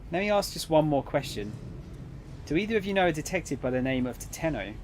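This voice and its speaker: A man reading the lines of a cool, snide male embassy agent in a visual novel, calm and condescending. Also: fairly high pitch, fast talker, a little hiss or hum.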